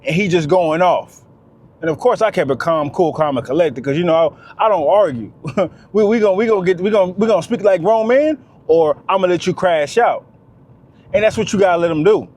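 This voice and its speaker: A man giving a casual, preachy monologue, repeating his points with emphasis. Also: sits high. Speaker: vlogger.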